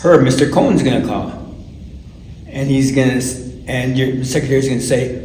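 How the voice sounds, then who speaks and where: An older man, a retired doctor, telling lively anecdotes in an oral history interview and acting out the people he quotes. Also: medium pitch, brisk. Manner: animated anecdotes, acts out voices in quotes. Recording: echoey room, mic at a distance, faint noise.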